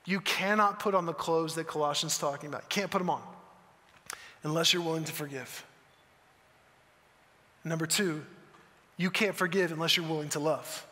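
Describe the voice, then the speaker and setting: A man's voice: fairly high pitch, normal speed, pauses often, bright, forceful tone. A man preaching a sermon as pastor, earnest and conversational, often asking rhetorical questions. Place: church auditorium. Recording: long church hall reverb.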